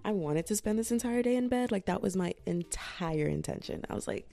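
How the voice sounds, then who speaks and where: A young woman in her twenties, tired and talking from bed indoors, runs a loose, profane podcast monologue, putting on voices when quoting others. Her mid-range voice is animated, a little fast, gravelly, and dark in tone.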